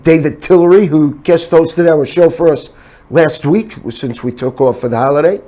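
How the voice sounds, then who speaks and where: A man's voice: a little high, moderate pace, warm tone. A man hosting a casual talk show, telling anecdotes in a laid-back way. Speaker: show host.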